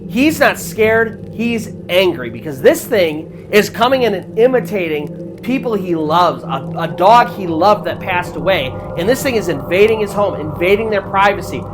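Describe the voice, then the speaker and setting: A woman's voice: medium pitch, expressive, moderate pace, background noise. A woman narrating a true paranormal story in a casual, chatty way, with many fillers like "like". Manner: chatty retelling with frequent "like" fillers. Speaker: storyteller host.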